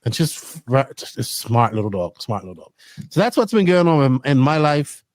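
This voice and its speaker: A middle-aged man hosting a podcast, chatting casually and telling stories in an animated way, swearing freely. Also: mid-range voice, a little fast, no echo. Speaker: podcast host. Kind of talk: casual chat.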